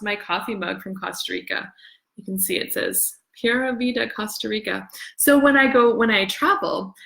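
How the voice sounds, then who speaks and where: Middle-aged Canadian woman, livestream host; bright, excitable, rambling casual chat. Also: mid-range voice, creaky. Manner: chatty, rambling, excitable, greets viewers.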